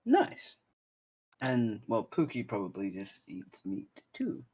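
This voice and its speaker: A woman's voice: extremely low pitch, huge pitch swings, slow pace, mellow, breathy edge. A woman playing a tabletop game, asking questions in character and laughing easily. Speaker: player. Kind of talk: tabletop role-play, casual.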